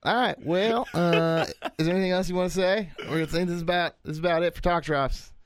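A man hosting a podcast, chatting casually and cutting in with quick wisecracks. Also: high voice, steady tone, a crowd in the background. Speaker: podcast host.

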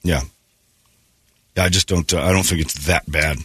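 A man's voice: low voice, moderate pace, husky, dry recording, studio quality. A male morning radio host with a sore throat, chatting casually and sardonically. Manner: animated, sardonic, often quotes others mockingly. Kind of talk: casual chat, wry storytelling.

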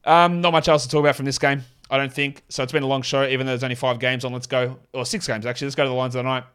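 A man with an Australian accent hosting a fantasy basketball podcast, talking through rotations and stats in quick, rambling analysis full of restarts. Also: medium pitch, little pitch movement, fairly bright tone, clear, resonant tone. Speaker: podcast host.

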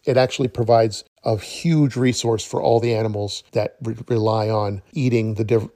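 A middle-aged man and forest educator tells a story in a relaxed, rambling way, acting out bits of dialogue with small chuckles. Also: on the low side, no room sound, studio quality. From East Coast of North America. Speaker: forest educator, podcast host. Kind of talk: casual storytelling monologue.

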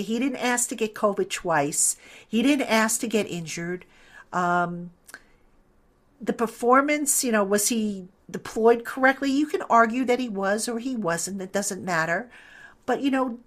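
A woman's voice: mid-range voice, a bit bright. Opinionated woman podcast host. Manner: conversational, opinionated, many fillers. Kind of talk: casual sports podcast commentary.

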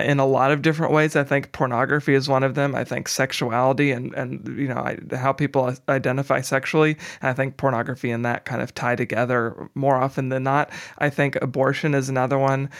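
A man co-hosting a podcast, offering his views in casual commentary with frequent stumbles and restarts. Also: medium pitch. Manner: thoughtful, stumbles and restarts often. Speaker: podcast co-host.

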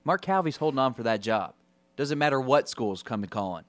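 A man's voice: mid-range voice, lively intonation, a little fast, a bit bright, no echo. A man co-hosting a sports talk show, confident and emphatic, building up points with lists of names. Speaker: sports radio co-host. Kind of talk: casual sports chat.

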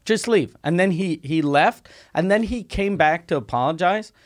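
A man's voice: a little high, normal speed. A man telling stories on a podcast, swearing freely and laughing through the punchlines. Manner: profane, laughing storyteller. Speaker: comedian and podcast host. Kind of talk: casual podcast banter.

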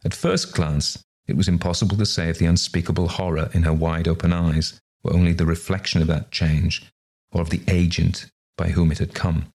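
Deep gravelly male storyteller. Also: flat delivery, fairly quick, darkish tone. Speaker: story reader. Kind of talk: storybook narration.

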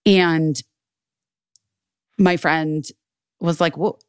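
This woman's lowish voice moves at a moderate pace, captured in clean studio sound without any room echo. Co-hosting a podcast, she narrates a casual story with animation, voicing her friends, swearing plenty, and peppering everything with "like."

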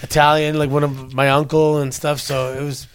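Guest interview voice: man in his forties, from Canada, a bit high-pitched, rambling anecdotes. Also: level tone, normal speed, slight background noise. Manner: chatty storyteller with many restarts. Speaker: guest, former wrestler. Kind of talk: casual interview chat. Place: wrestling convention in New York.

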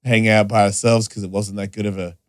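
Man, 40s, podcast host. Crude, lively storyteller. Dry, close sound. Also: lowish voice, brisk, dry recording. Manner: crude, animated storytelling with big voiced quotes. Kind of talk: casual podcast chat.

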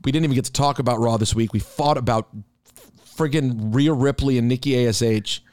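A man co-hosting a casual wrestling podcast, excitable and quick to rise in pitch when he argues. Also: no room sound. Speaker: podcast co-host.

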